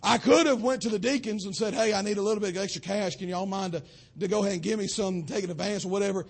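Raspy, high-voiced preacher. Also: male voice, quick pace. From western North Carolina. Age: young adult. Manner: preaching cadence, swelling to shouts then dropping low. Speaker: pastor. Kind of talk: sermon.

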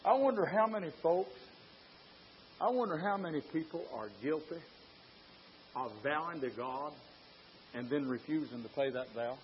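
High-voiced fervent preacher. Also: male voice, expressive, moderate pace, long pauses, a little hiss or hum. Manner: fervent, rising to shouts; rhetorical questions to the congregation. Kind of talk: sermon. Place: church. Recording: dull lo-fi sermon recording.

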